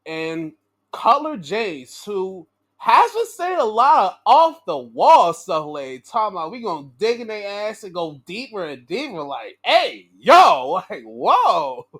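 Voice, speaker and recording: A man's voice: sits high, measured pace. A young man hosting a casual wrestling recap, joking and swearing as he talks. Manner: animated, joking, swears and laughs a lot. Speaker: show host.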